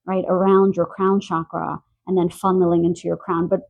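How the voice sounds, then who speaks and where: A woman giving a spiritual pick-a-card reading, gentle and searching, relaying messages with pauses and fillers. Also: on the low side, little pitch movement, vocal fry, no room sound, muffled recording. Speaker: tarot card reader. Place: quiet room in the evening.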